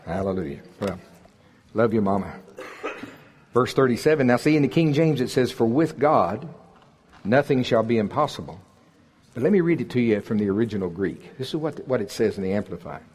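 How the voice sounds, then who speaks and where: A man's voice: medium pitch, expressive, fairly quick, a little mellow. A man in his sixties from Oklahoma preaching a sermon in a folksy, joking way that builds to emphatic peaks. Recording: husky voice in a large reverberant hall.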